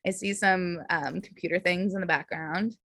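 A Californian woman from the Bay Area chats on a podcast in an effusive, filler-heavy way and sounds a little tipsy. Her voice sits low with some gravel and swoops a lot. The sound is dry and close. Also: steady tone, moderate pace, fairly bright tone, no echo. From San Francisco Bay Area. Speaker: podcast guest. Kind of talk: casual podcast chat.

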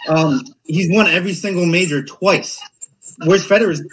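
A man's voice: high-pitched, moderate pace, fairly bright tone, breathy edge, rough recording. A man in a heated sports debate, arguing insistently, talking over the other speaker and repeating his points.

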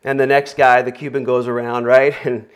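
A man's voice: medium pitch, level tone, normal speed, clean tone. Rambling male preacher. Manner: rambling, filler-heavy, joking. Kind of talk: conversational sermon.

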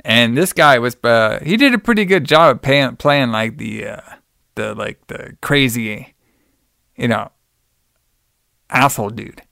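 A man's voice: medium pitch, animated, unhurried, creaky, pauses often, sharp tone, no echo, studio quality. Casual male podcast host recapping a film. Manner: loose retelling, acts out quotes in plain voice, calls cohost brother. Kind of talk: casual movie recap chat.

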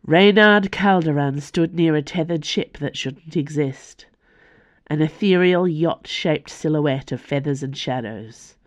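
A woman, the author, reading her own fantasy novel aloud for a podcast in a measured storytelling voice. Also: sits low, dry recording. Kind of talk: audiobook fantasy narration.

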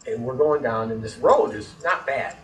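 A man's voice: medium pitch, moderate pace, a bit bright, roomy sound, distant mic, slight background noise, rough recording. A man telling a story in casual chat, rambling and swearing, getting worked up when annoyed.

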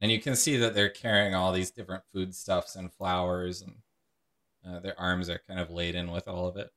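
A man narrating a tabletop game as game master, calm and measured with frequent fillers. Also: low voice.

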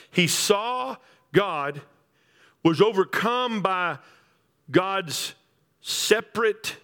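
A man's voice: fairly high pitch, pushed and bright. A man preaching a sermon, emphatic and repetitive, building up on key phrases. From Texas Panhandle. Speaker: pastor.

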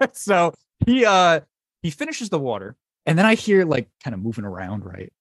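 A man hosting a casual podcast chat, telling stories in an animated way and swearing casually. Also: fairly high pitch, normal speed, no echo. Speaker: podcast host.

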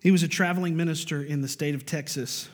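High-voiced preacher in a big hall. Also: male voice, fairly even intonation, quick pace. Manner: storytelling preacher, swings from loud to hushed. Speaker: pastor. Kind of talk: sermon.

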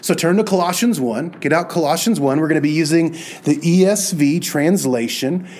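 A man's voice: a little high, darkish tone. Man preaching a casual sermon. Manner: conversational storytelling, slow and deliberate at times. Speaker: pastor.

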